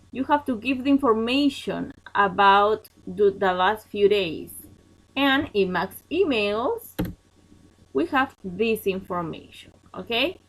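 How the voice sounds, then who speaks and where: A woman, a Spanish speaker, leads an online English lesson at a deliberately slow pace. Her voice sits fairly high, and she keeps checking in with "okay?" and "yes?" as she walks through each point. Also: poor audio. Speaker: English teacher. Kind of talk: online class lecture.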